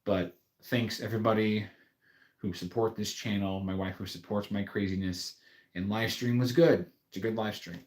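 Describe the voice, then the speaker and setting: A man's voice: lowish voice, steady tone, moderate pace, a little mellow, roomy sound. A man hosting a casual livestream, chatting in a rambling, friendly way with fillers and restarts. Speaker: YouTube livestream host.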